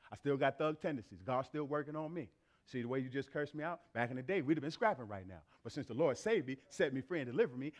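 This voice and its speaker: A man's voice: a little high, fairly bright tone. A man in his thirties preaching a sermon, blunt and playful, talking straight to the congregation.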